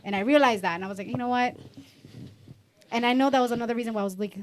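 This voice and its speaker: A woman co-hosting a podcast, chatting casually in a quick, rambling way with many fillers and loud acted-out quotes. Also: fairly high pitch, slight background noise. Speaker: podcast co-host. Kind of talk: casual chat.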